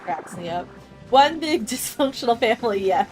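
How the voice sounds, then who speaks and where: A woman's voice: on the high side, animated, normal speed, faint music behind. Giggly woman in her thirties streaming. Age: 30s. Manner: giggly and bubbly, laughs often. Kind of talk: casual gameplay chat with chat.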